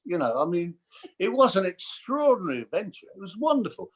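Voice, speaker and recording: Older guy telling stories, bouncy high voice, does little impressions. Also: quick pace. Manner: animated storyteller, mimics voices. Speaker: guest. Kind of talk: casual chat.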